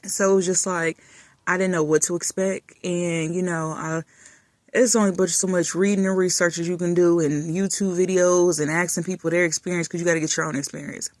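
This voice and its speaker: A woman vlogger chatting casually and affectionately while lying in bed in a dark room, often dropping to soft murmurs. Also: fairly low pitch, steady tone, a little fast, no room sound. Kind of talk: casual chat.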